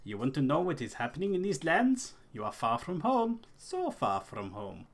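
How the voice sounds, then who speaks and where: A man's voice: a little high, huge pitch swings, normal speed, pitched above the performer's own voice, heavily acted. A man voicing a shaky little old woman who gives cryptic warnings in a fantasy game. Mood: ominous. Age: older.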